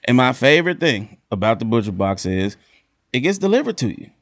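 A man's voice: medium pitch, big pitch swings, fairly quick, a bit bright, no room sound. A man reads a sponsor spot on a podcast, upbeat and chatty. His voice sits in a middle range and sounds close and dry. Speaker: podcast co-host. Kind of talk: ad read.

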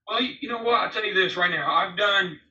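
A man's voice: high-pitched, brisk, pushed and bright. A man in his forties, a former prisoner, telling his story in a blunt, profane, rambling way in a candid interview. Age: 40s. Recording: roomy, distant, slightly dull remote audio.

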